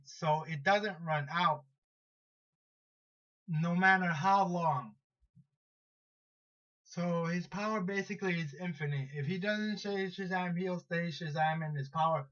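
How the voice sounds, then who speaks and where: A high-voiced man retells a superhero story at an unhurried pace, stumbling over restarts and fillers as he goes. The recording sounds dull and lo-fi. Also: fairly bright tone. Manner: rambling, halting, many restarts and fillers. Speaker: vlogger counting down superheroes.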